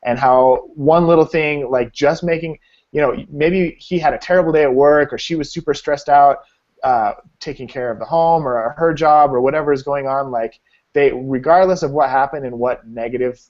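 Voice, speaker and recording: A man's voice: a little high, moderate pace. Jokey man hosting a chat. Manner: jokey, animated storyteller. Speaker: host. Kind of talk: casual chat. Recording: dull lo-fi sound.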